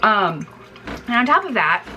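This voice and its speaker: A woman's voice: mid-range voice, sing-song, a little slow, dull audio, noisy background. A tired woman chatting casually to her vlog camera at home while making coffee, rambling with fillers and getting heated as she rants. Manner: chatty, rambling, heated when ranting about the plot. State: tired in the early morning. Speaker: book vlogger.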